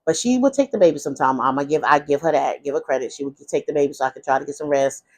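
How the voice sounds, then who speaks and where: A woman's voice: low voice, very fast, darkish tone. Frank, rambling woman vlogger. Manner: rambling and frank, with many restarts and asides. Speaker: vlogger telling her life story. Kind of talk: candid casual storytelling.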